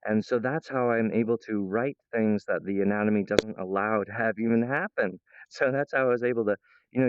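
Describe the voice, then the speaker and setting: Brisk and smooth, a man's lowish voice carries a playful, meandering monologue to the camera from his home kitchen, complete with restarts, random thoughts and silly voices. The audio has no echo but sounds dull.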